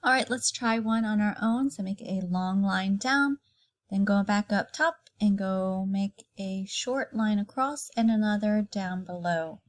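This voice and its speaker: A woman's voice: mid-range voice, a little slow. A woman teaching kindergarten phonics, patiently sounding out letters and words for young children.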